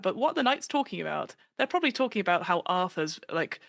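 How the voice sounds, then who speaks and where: A woman speaking quickly in a lowish, gravelly voice, chatting as a podcast guest. She talks animatedly and drops into the voices of the people she quotes. The sound is dry and close. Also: dry recording. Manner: animated, acts out quoted voices, many fillers. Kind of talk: casual podcast chat.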